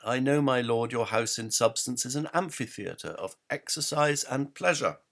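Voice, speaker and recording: A man voicing a courteous herald painter from an old play, addressing a lord with flattery. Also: mid-range voice, normal speed, vocal fry, pitched above the performer's own voice. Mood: flattering.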